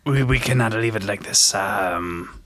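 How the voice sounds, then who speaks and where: A man's voice: on the low side, unhurried, a bit bright. Man speaking stiffly and formally in character. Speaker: player. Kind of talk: in-character tabletop game play.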